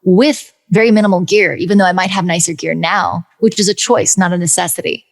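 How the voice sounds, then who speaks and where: A woman's voice: on the low side, brisk, gravelly. A woman, a music producer and coach, talking animatedly as a podcast guest into a studio mic, full of fillers and acted-out quotes. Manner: animated, acts out quoted people, many fillers. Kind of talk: casual interview chat. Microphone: studio dynamic mic.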